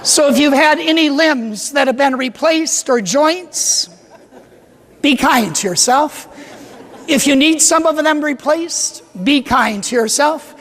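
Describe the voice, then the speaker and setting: A man's voice: very high voice, slow, a bit bright. A man leading a sermon as a parish priest, playful and joking as he has the congregation repeat a cheer after him. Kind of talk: sermon with a call-and-response cheer. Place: large church with a congregation. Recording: echoey church with crowd behind.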